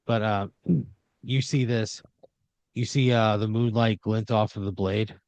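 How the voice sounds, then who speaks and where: A man's voice: fairly low pitch, steady tone, slow, darkish tone, dry recording. A man improvising a second-person story as a podcast storyteller, rambling with uhs and restarts.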